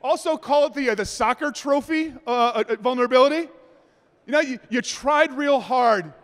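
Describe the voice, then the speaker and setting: High-voiced, joking male conference presenter. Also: normal speed. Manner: animated, joking storyteller. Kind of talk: conference talk. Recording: long hall reverb.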